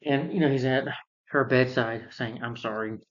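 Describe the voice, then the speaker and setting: A man's voice: medium pitch, steady tone, normal speed, muffled recording. A man giving a rambling, casual recap of a film as a reviewer. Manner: rambling, with fillers.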